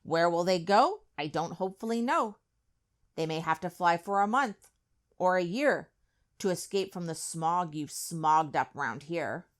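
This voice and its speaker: A woman's voice: fairly low pitch, animated, a little slow. A woman voicing a small, grumpy old male forest creature from a storybook, scolding and indignant.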